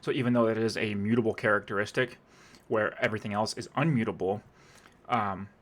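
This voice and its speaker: A man's voice: on the low side, steady tone, fairly quick. A man streaming a casual reaction commentary, sarcastic and rambling, with many restarts.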